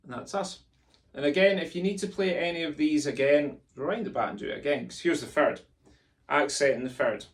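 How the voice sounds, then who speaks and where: Calling rudiments and counting in, a man with a fairly high voice runs a pipe band drumming lesson a little fast, chanting sticking patterns with jokes and encouragement. Loud drumming sounds behind the distant mic.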